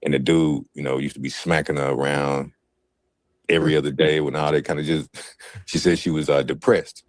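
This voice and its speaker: A man's voice: extremely low pitch, level tone, a little fast, no room sound. A man in a casual podcast talk, telling a story in a laid-back way.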